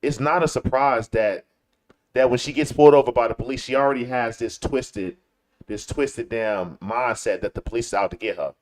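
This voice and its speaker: A man with a mid-range, darkish voice hosts a live-stream at normal speed, delivering a combative commentary rant. He repeats himself, stammers through restarts, and mocks others in whiny voices.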